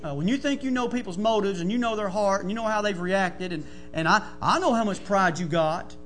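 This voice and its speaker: A male pastor, preaching a folksy sermon that builds into shouting. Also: sits high, brisk, faint music behind.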